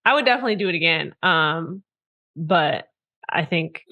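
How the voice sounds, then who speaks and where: A woman's voice: lowish voice, expressive, moderate pace, lo-fi sound. A young adult woman co-hosting a podcast, telling a story in a casual chat, acting out quotes and swearing freely. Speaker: podcast co-host.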